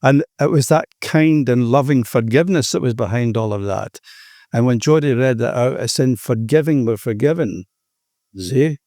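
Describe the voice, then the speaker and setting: Older Australian man, mellow tone, earnest rambling recovery share, dry close sound. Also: mid-range voice, moderate pace, no room sound. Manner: earnest, rambling, peppered with "you know". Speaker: recovering alcoholic sharing his story.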